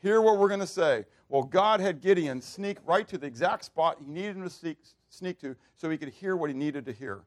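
A man preaching a sermon, animated, asking the congregation questions and answering them. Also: on the high side, moderate pace, few pauses. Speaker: pastor.

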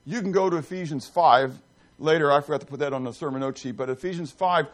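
A pastor preaching a conversational sermon in church, asking the congregation questions and breaking off into asides with many restarts. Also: male voice, fairly high pitch, fast.

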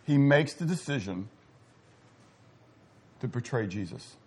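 Husky, animated male preacher. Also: mid-range voice, takes it slowly. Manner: swings from loud exclamations to quiet asides, asks the audience questions. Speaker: pastor. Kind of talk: sermon.

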